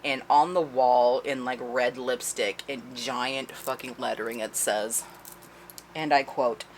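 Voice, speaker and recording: A woman with a low voice recaps a book's plot in a loose, conversational way. She swears freely and laughs as she goes. A faint background noise sits under her voice. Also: fairly even intonation, a little slow. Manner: chatty, profane, laughing as she retells. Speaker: book reviewer. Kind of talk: casual spoiler-filled book recap.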